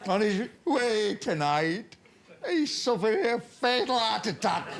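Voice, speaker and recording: A man's voice: sits high, voice pushed up. A man acting out a tearful, grieving male club secretary in an overwrought, quavering announcement.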